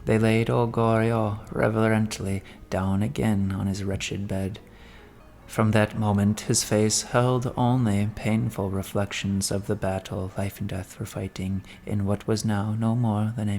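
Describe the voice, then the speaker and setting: A man giving a measured, solemn reading of a classic novel as an audiobook narrator. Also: fairly low pitch, gravelly, darkish tone.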